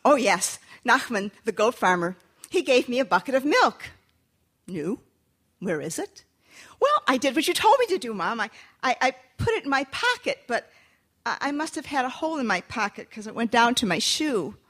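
A woman's voice: a little high, big pitch swings, moderate pace, a bit bright. A woman voicing a simple-minded, good-natured young boy who stammers eagerly. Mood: earnest.

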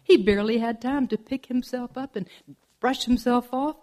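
A woman telling a folk tale aloud in a playful, expressive manner. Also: on the high side, moderate pace. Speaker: storyteller. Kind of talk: oral folk storytelling.

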